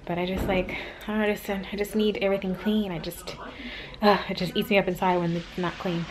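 A woman chatting casually to her camera at home, quick and full of fillers. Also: medium pitch, little pitch movement, background noise. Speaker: vlogger, wife. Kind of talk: casual home vlog chat. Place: carpeted home room. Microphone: handheld compact camera.

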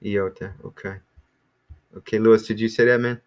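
Casting: man with a lowish voice, easygoing teacher who rambles and restarts with many ums. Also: steady tone, normal speed, dull audio. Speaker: Greek teacher. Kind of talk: casual classroom teaching.

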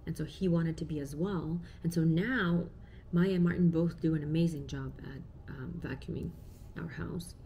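Woman in her thirties, parent vlogger, mellow low voice, chatty and reflective, faint background hiss. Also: steady tone, normal speed. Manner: chatty, reflective, uses many fillers. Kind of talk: casual talk to camera.

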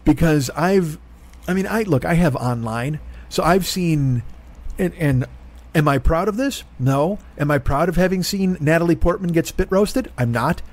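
A man's voice: fairly high pitch, expressive, moderate pace. A man in his forties hosting a solo comedy monologue, ranting in a profane, rambling, exasperated way. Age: 40s. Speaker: comedian host.

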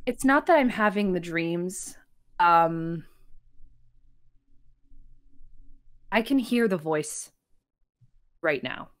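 A calm young adventurer who hears a voice, as a woman puts her on at a tabletop game. She speaks softly and without worry, in lively, swooping tones, and takes her time over each line. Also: lowish voice, slow pace, voice pushed down. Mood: unbothered. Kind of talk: tabletop role-play.

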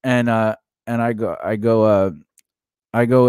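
A man's voice: fairly low pitch, a little slow, clean tone, dry recording. Guy giving career tips on a podcast, dry mic, acts out little scenes. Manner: animated, acts out quoted lines in changed voices. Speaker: podcast co-host. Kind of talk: casual advice chat.

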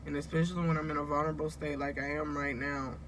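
A woman speaks fast in a low, level voice against a noisy background. In a casual confessional vlog she confides in her viewers directly, rambling and emotional, close to tears.

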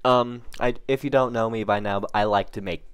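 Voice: mid-range voice, fairly quick, clean tone. A reaction channel host talking casually to viewers while watching anime, rambling and gushing with emotion, voice picked up by a camera mic. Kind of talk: casual reaction vlog commentary.

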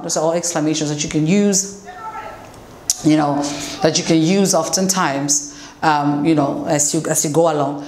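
A woman English teacher giving a relaxed, conversational classroom lesson, mixing in French explanations. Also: on the low side, normal speed. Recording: echoey room, faint noise.

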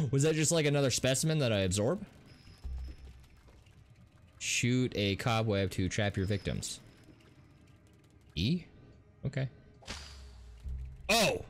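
A man hosting a gaming video, commentating a let's play in an excitable way, gasping and laughing as he plays. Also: mid-range voice, slow pace, pauses often. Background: game music.

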